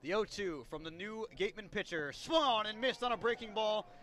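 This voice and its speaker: Baseball play-by-play guy, kinda high voice, laid back and chatty. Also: brisk. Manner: relaxed, chatty, rises on big plays. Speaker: play-by-play announcer.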